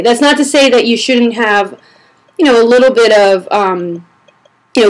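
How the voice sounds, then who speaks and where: Answering her readers' questions in a casual vlog chat, a young blogger talks to camera at medium pitch. Slightly breathless, she rambles, restarting sentences and leaning on fillers.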